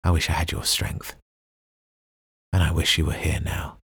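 A man reading a novel aloud as an audiobook narrator, in a measured, even storytelling delivery. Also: very deep voice, creaky, slightly rough, no room sound, studio quality. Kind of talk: scripted narration.

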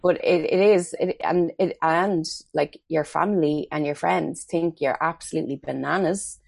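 A woman's voice: low-pitched, moderate pace, vocal fry, darkish tone, dry recording. A middle-aged Irish woman, a makeup artist, chatting as an interview guest and telling stories with acted-out quotes. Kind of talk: casual interview chat.

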